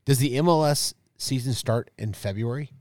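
A man's voice: medium pitch, moderate pace, darkish tone, no echo. Chatty podcast guy with a dry close sound. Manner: chatty, fires off questions. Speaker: podcast co-host. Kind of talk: casual chat.

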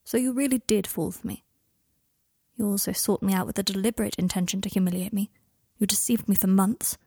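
A woman voices a guarded young man, cool and precise, every word sharp-edged with hurt. The voice is husky and breathy, sitting in the middle of her range, recorded close and dry. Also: mid-range voice, fairly even intonation, brisk, no echo. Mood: cold, wounded.

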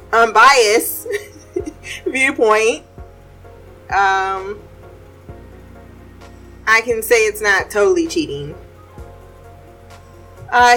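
A woman's voice: a little high, a bit bright. Blunt, laughing woman recapping a show. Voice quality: blunt, profane, laughs often. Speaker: TV recap podcast host.

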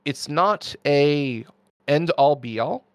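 A man's voice: on the high side, expressive, drawn-out words, no echo. A man in casual conversation, explaining things enthusiastically in long, flowing runs. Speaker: miniature painting expert host. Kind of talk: casual chat.

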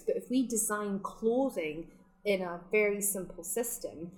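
A woman's voice: on the low side, a little mellow, low-quality recording. A woman who runs a sustainable fashion shop, talking in a chatty, enthusiastic way and laughing often in a casual interview. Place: her shop in the Scottish Highlands.

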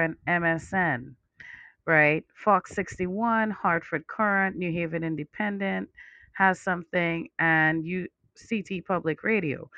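A woman with a lowish voice hosts a casual talk podcast. She jumps in firmly and addresses her listeners directly. Her sound is dry and somewhat dull and lo-fi. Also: a bit bright, dry recording. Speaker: podcast host. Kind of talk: casual talk show hosting.

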